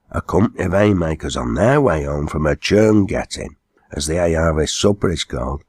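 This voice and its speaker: A man narrating an old dialect story, reading it aloud in a steady storytelling way. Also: low voice, slightly rough, dry recording, studio quality.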